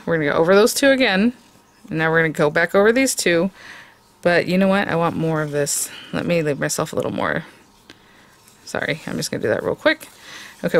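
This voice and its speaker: A middle-aged woman hosting a casual crafting tutorial, chatting, thinking aloud and laughing often as she works. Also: fairly low pitch. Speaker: craft video host.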